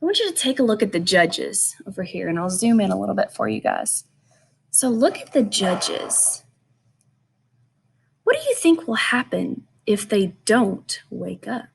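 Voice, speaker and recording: A woman teacher reads a picture book aloud to children, pausing to ask them gentle questions. She speaks slowly, in a slightly high voice with a gravelly edge. Her pitch rises and falls a lot. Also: big pitch swings.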